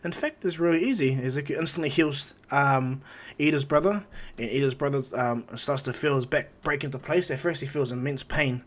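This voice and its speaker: A man's voice: mid-range voice, fairly even intonation, moderate pace. A man, improvising a rambling fan-story retelling and acting out the quotes. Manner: rambling, self-correcting, acts out quotes.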